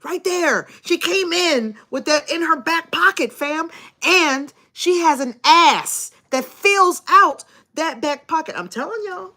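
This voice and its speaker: A woman's voice: very high voice, slow pace. A woman live streaming who chats casually with her audience, swears freely and laughs often. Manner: laughs often, profane and animated.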